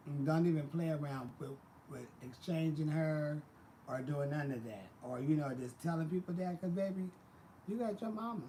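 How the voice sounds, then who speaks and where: A man's voice: a little high, normal speed, warm tone, slight background noise. A man hosting a casual livestream, chatting sassily with viewers and calling them baby and honey. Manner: sassy, chatty, calls people baby and honey. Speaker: livestream host.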